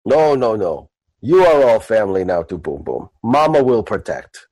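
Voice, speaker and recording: A man doing a brash orc warrior mother, low gruff broken speech in the third person, boisterous tabletop role-play, dry close sound. The voice drops low and stays blunt and simple. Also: sing-song, normal speed, darkish tone, no echo, rough recording. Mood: protective.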